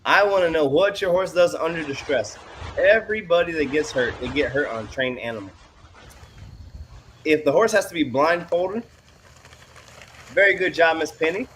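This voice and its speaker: A man who trains horses, commenting on student videos in a folksy, animated way. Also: fairly high pitch, normal speed, long pauses, slight background noise. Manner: folksy, animated, puts on voices for quoted people and horses.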